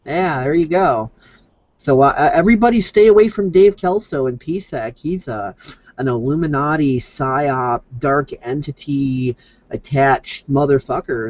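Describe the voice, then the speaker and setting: A man's voice: on the high side, darkish tone, dry recording. A man co-hosting a comedy podcast, ranting sarcastically. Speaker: podcast co-host. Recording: dry muffled lo-fi sound.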